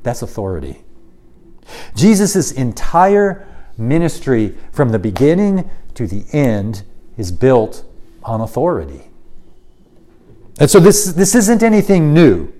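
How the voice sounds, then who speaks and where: A man's voice: mid-range voice, mellow. A man preaching an expository sermon, emphatic and given to repeating key phrases.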